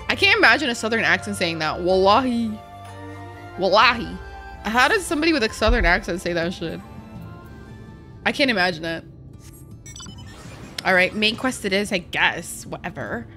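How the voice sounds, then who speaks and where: Woman streamer, bright edgy voice, swears freely and banters with chat, faint music underneath. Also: mid-range voice, lively intonation. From Canada. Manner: chatty, profane, quick to react to chat, switches into Arabic. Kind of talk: casual live-stream chat while gaming.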